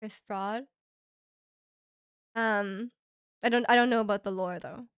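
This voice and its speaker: A young woman from Canada streaming live, chatting casually and reading her chat aloud, rambling with lots of filler words and quick laughs. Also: mid-range voice, fairly even intonation, smooth, no room sound, clean studio sound. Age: young adult. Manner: rambling, heavy use of "like" fillers, frequent laughs.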